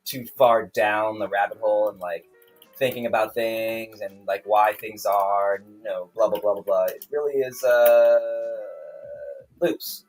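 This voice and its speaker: A man's voice: lowish voice, fairly even intonation, unhurried, darkish tone. A man talks on a casual livestream, heated and profane, rambling and restarting his sentences. Faint music plays behind him. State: angry, then calming down. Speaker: streamer, self-published author.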